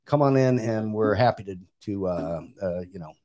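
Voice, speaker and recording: A man's voice: fairly low pitch, animated, moderate pace, mellow. A man co-hosting a married couple's podcast in casual chat, rambling along with plenty of fillers and restarts. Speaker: podcast co-host.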